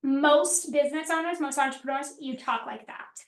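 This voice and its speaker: A middle-aged woman business coach teaching a workshop in a direct, energetic way, asking her audience questions and acting out what her clients say. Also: high voice, normal speed, echoey room.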